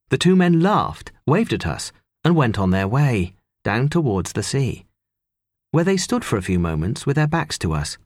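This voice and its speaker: Expressive male audiobook narrator. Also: fairly high pitch, no room sound, studio quality. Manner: expressive storytelling. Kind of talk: scripted narration.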